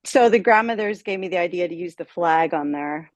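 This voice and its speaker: A woman's voice: fairly low pitch, fairly quick, dry recording. A woman on a video call, talking casually with light fillers about sharing her song. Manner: friendly, laughing, slightly hesitant. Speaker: musician sharing her song in an online meeting.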